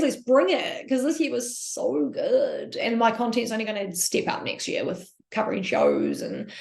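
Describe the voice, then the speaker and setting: A woman's voice: fairly high pitch, creaky. A young woman with a New Zealand accent, hosting a casual solo podcast in a chatty, upbeat, rambling way. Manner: chatty, upbeat, rambling with many likes and ums. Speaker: podcast host. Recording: echoey room.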